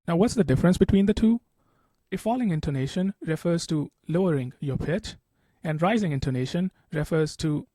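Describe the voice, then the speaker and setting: A man's voice: a little high, a little mellow, no room sound. Patient man tutoring with a dry, close sound. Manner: patient, repeats example sentences slowly, frequent "okay". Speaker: test prep tutor. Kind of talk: explanatory tutorial.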